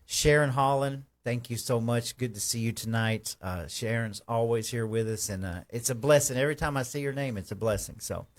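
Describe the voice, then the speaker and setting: A man hosting a live stream, giving folksy, rambling shout-outs to viewers. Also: mid-range voice, brisk, few pauses. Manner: effusive, folksy, rambling with restarts.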